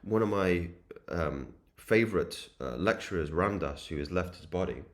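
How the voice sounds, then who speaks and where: A young man with a very low, deep voice delivers an earnest spiritual pep talk to his viewers. He builds his points in repeated, rhythmic lists, and his tone is preachy and insistent. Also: animated, moderate pace. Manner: earnest, repetitive, preachy cadence. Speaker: self-improvement channel host. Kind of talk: spiritual motivational monologue.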